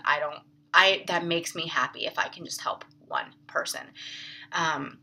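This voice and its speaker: Young woman fitness coach, lowish pitch, bright tone, earnest and self-critical vlog delivery. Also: rough recording. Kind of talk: personal confessional vlog.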